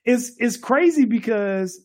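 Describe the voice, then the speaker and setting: A man's voice: very high-pitched, lively intonation, takes it slowly, a little mellow. Agreeable man in casual talk. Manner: agreeable, backchannels often. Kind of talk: casual political chat.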